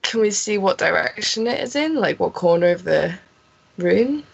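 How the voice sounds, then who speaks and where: Gravelly-voiced woman playing a tabletop game. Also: mid-range voice, animated, normal speed. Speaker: player.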